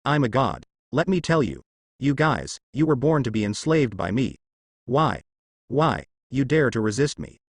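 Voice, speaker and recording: Man voicing arrogant god, scheming, contemptuous rant, lively pitch, dry close sound. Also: a little slow, breathy edge, dry recording, exaggerated voice. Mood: furious ranting. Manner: ranting, contemptuous. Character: arrogant scheming male god, furious and proud.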